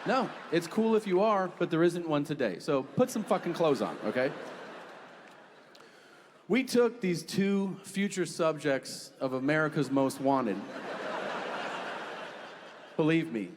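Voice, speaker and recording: Male stand-up comedian, forties, lively delivery with character voices, echoey hall with audience noise. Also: medium pitch. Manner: animated, acts out characters with shifting voices. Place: large theater stage.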